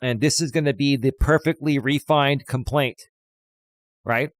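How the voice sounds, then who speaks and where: A man's voice: mid-range voice, steady tone, unhurried, no room sound. A man hosting a livestream, ranting in a combative, taunting way and repeating himself for emphasis. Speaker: livestream host. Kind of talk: confrontational livestream rant.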